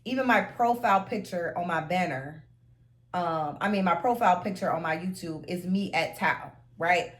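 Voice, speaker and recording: A young woman vlogger telling a personal story in a chatty, animated way. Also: fairly low pitch, normal speed. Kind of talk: storytime vlog.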